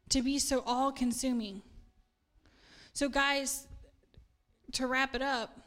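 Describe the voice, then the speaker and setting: A woman's voice: fairly high pitch, a bit bright. Earnest chatty woman pastor. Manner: earnest, chatty, laughs at herself. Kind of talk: casual sermon.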